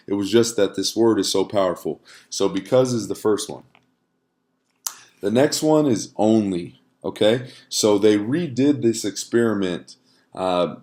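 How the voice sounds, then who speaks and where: A man with a low, deep voice teaches an online course straight to camera. He keeps it conversational and unpolished, with fillers and frequent "right?" check-ins, as if explaining to a friend indoors. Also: darkish tone.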